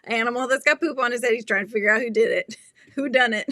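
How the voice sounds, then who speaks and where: A woman hosting a casual crochet livestream, giggly, animated and chatty as she talks to viewers. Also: on the high side, quick pace, no echo. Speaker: livestream host.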